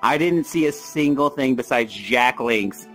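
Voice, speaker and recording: Profane, animated young man telling stories. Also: medium pitch, a little slow, over music, low-quality recording. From Washington state, USA. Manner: crude and animated, acts out family members in exaggerated voices. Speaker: storyteller. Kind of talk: profane comic storytelling in a voice chat.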